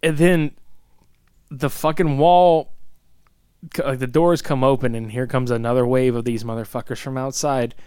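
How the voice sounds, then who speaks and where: A man's voice: mid-range voice, fairly even intonation, normal speed, a little mellow, clear, resonant tone, no echo, studio quality. A man casually recapping a bad movie, exasperated, swearing and groaning a lot. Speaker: co-host reviewing a film.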